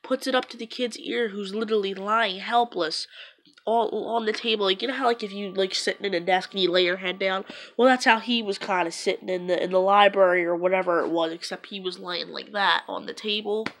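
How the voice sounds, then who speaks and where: A woman talks straight to her camera in a casual, rambling way, leaning on "like" as she goes. Her voice sits at an ordinary middle pitch. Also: fairly even intonation, a little fast, fairly bright tone. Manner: rambling, loose, full of "like". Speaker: vlogger.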